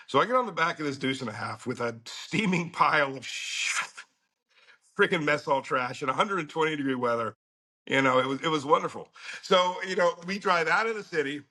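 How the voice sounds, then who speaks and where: A man's voice: on the high side, bright, forceful tone. A middle-aged man telling a story as a podcast guest, blunt and profane, laughing now and then. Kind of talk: casual storytelling.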